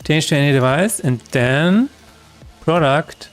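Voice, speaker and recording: A man's voice: a little high, animated, unhurried, faint music behind. Chatty man thinking aloud. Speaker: game developer streamer. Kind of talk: live-streamed coding chat.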